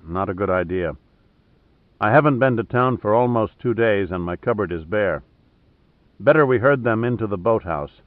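A man's voice: lowish voice, expressive, normal speed, dry recording, close to an everyday voice. A man reading a tough male adventurer who talks with dry, understated humor. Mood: wry. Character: wry, tough male adventurer, wounded and laconic. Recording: narrow phone-like sound.

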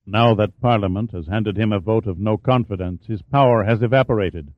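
A man's voice: fairly low pitch, a little fast, no echo, lightly acted. A man reading a cool, aloof politician, Villon. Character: cool aloof male politician, seductive and scheming. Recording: dull, dry studio audiobook.

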